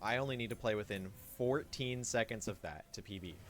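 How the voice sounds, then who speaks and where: A man's voice: lowish voice, brisk. A man explaining his speedrun times on a stream in a matter-of-fact way. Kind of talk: live-stream commentary.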